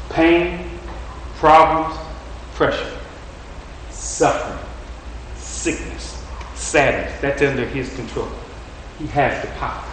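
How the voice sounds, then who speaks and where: A man's voice: medium pitch, fairly bright tone. A male preacher giving a folksy, repetitive, encouraging sermon. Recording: very echoey room, distant mic, faint noise.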